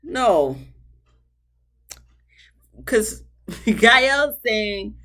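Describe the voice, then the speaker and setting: A woman hosts a casual reality TV recap. She is sassy and animated, and she fires questions back at the people on screen. Her pitch swings widely and with energy. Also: very slow.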